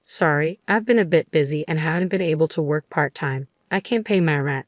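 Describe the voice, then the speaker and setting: A woman reading the lines of a young male student who speaks quietly and apologetically. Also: low voice, fairly quick, no room sound, studio quality, close to an everyday voice. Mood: apologetic.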